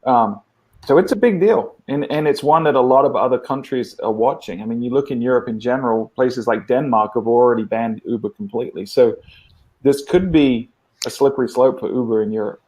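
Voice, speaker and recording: A man's voice: mid-range voice, brisk, darkish tone. A man from England whose accent has picked up a Southern American twang, co-hosting a casual panel show and explaining news at length. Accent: English mixed with American Southern. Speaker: co-host.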